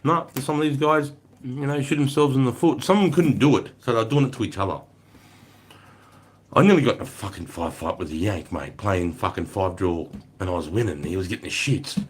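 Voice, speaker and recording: A middle-aged Australian army veteran talking casually on a livestream, telling war stories in a blunt, profane, rambling way. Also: male voice, lowish voice, brisk, breathy edge.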